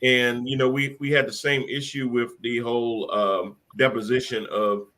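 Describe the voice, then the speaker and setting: Bright-voiced man, amused political chatter. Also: medium pitch, little pitch movement, normal speed, low-quality recording. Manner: rambling, incredulous, amused. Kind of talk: casual political chat.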